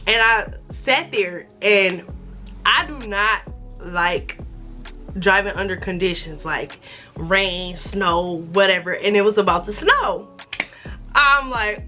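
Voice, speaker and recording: A woman in her twenties tells a story-time vlog in a lively, profane way and acts out each quoted line. Her voice is bright and forward, at a middle pitch. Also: unhurried, soft background music. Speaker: vlogger.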